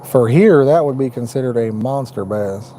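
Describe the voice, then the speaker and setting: This Indiana man runs a fishing livestream from inside his parked truck at night, talking to viewers by name in a folksy, easygoing way. His mellow voice is mid-range at a moderate pace, with a little hiss or hum in the recording.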